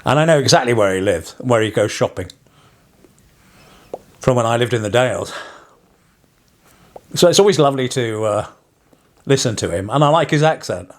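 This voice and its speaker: A man's voice: mid-range voice, lively intonation, normal speed, long pauses. A man from England, a parson vlogging, talking in a wry, digressive way with chuckling asides. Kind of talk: casual rambling vlog monologue.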